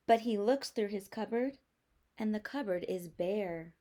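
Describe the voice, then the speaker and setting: A teacher reading a picture book aloud to young children, expressive and explanatory. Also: female voice, mid-range voice, a little slow.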